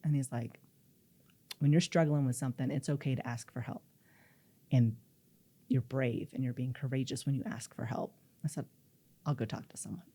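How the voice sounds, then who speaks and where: Her pitch is extremely low, her pace moderate, and she pauses frequently. A middle-aged guest in an interview, she tells a personal story energetically, dramatizing the words of others she quotes.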